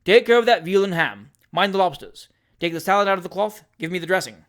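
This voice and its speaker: A reader voicing a jolly old country gentleman who barks hearty orders at a picnic, in an audiobook of a classic novel. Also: medium pitch, big pitch swings. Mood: bossy bustle. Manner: hearty, loud, giving brisk orders.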